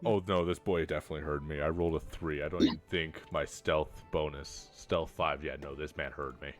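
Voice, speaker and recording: A man's voice: rumbling low, fairly even intonation, fairly quick, soft background music. A man playing a tabletop game, making wry, teasing remarks. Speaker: tabletop player. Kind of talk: casual in-character play.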